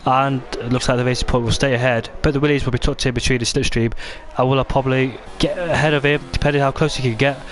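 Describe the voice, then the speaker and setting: A man doing casual live commentary on a racing game league, chatty and excitable, often restarting his sentences. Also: mid-range voice, fast, hardly any pauses.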